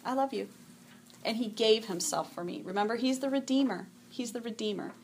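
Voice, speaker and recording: A middle-aged woman giving a devotional talk to a group, animated and chatty, often acting out her own yelling and sprinkling in "okay" and "um". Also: on the high side, brisk, breathy edge. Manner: frequent "okay" and "um". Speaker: women's event speaker.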